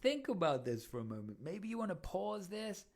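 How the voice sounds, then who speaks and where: A man hosting a motivational podcast, coaching listeners with energetic questions. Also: high voice, moderate pace. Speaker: podcast host.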